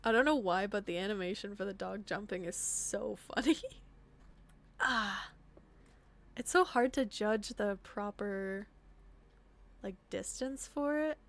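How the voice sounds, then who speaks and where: Slow-talking young woman streaming a game. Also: medium pitch, fairly bright tone. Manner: talks to herself while playing, drops to whispers when sneaking. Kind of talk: casual gameplay commentary.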